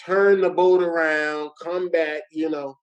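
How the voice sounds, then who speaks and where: A middle-aged man from New Jersey tells a story in a relaxed podcast chat. He talks with lively slang in a slightly raised voice. He speaks as a guest comedian. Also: a little high, takes it slowly, muffled recording. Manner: animated storyteller, street slang.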